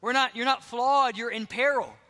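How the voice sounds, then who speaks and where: High-voiced pastor preaching in echoing hall. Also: male voice, normal speed. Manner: emphatic preaching, dropping to hushed tones for stress. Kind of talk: sermon. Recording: long hall reverb.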